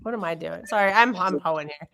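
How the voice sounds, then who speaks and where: A woman hosting a casual fan stream over a video call. She talks in an animated way, swears freely and gets flustered while trying to share her screen. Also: fairly low pitch, brisk, gravelly. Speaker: stream host.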